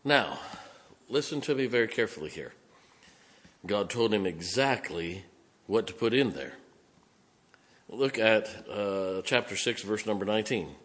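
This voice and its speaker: A man's voice: fairly low pitch, lively intonation, measured pace, pauses often, a bit bright. Man preaching in an echoing hall. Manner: emphatic preaching, reading scripture aloud then explaining it. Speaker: pastor. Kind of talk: sermon. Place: church sanctuary. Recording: long reverb of a large hall.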